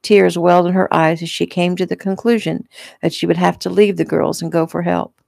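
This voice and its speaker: A woman's voice: lowish voice, level tone, fairly quick, vocal fry, a little mellow, no echo. A woman author reading her own novel aloud casually and unpolished, as if at home. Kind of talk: casual audiobook narration.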